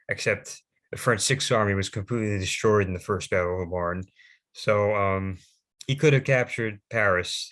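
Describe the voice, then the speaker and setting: A young man presenting history slides off the cuff, halting often with fillers and restarts. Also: low voice, a bit bright.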